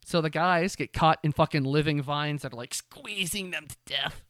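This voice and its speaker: Brief: young male co-host, lively storyteller, swears a lot, clear voice on the higher side. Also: normal speed, dry recording, clean studio sound. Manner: animated storytelling, swears freely, acts out characters. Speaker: podcast co-host. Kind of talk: casual recap chat.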